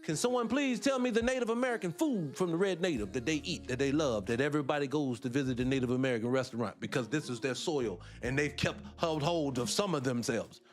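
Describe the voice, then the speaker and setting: A man's voice: mid-range voice, expressive, fast, few pauses. A man hosting a livestreamed morning talk show, arguing with passion, firing rhetorical questions at his listeners and laughing between points.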